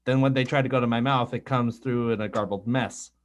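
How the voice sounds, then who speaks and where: A man's voice: medium pitch, fairly even intonation, fairly quick. A man hosting a casual podcast chat, self-deprecating and rambling, often restarting his sentences. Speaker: podcast host.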